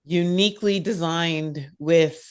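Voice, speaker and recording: A woman hosting a podcast in casual chat, bubbly and laughing often, with quick bursts of talk. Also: fairly low pitch, smooth. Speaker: podcast host.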